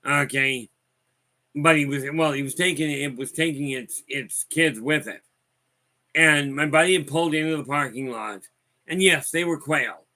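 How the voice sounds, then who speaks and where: A man's voice: a little high, bright, forceful tone. A man casually chatting as host, telling rambling, wry stories and answering viewer comments. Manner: rambling, wry, folksy storyteller who reads viewer comments aloud. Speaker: host of a live talk stream. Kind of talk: casual storytelling chat.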